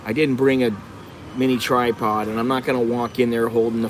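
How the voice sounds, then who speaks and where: A middle-aged American vlogger curses his way through a digressive, blunt live-stream rant in a flat, mid-range voice at a fairly quick clip. A phone on a windowsill records it indoors, with city traffic outside, a little hiss or hum and rough sound.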